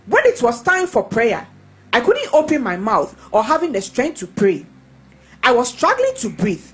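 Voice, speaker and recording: Lively high-voiced woman reading testimonies. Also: moderate pace, breathy edge, low-quality recording.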